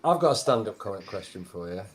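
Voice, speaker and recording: A man with a lowish voice talks bluntly in casual chat. He swears freely and speaks candidly. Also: big pitch swings, fast, a crowd in the background.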